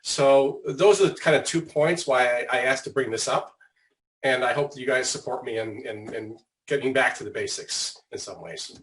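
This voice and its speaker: A man's voice: mid-range voice, normal speed, fairly bright tone, rough recording. A man on a school board making reflective, hesitant remarks with many fillers and restarts.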